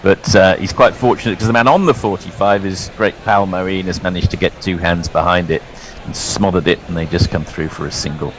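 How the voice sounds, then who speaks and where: A man calling ball-by-ball cricket commentary in a lively, chuckling way, bringing in his co-hosts. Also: low voice, fairly quick, few pauses, a little hiss or hum, rough recording.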